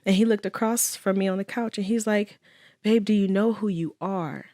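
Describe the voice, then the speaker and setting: A woman's voice: medium pitch, moderate pace, warm tone, no echo, studio quality. Earnest woman sharing her faith story. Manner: earnest, faith-filled retelling with quoted dialogue. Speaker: guest, widow. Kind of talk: personal storytelling in interview.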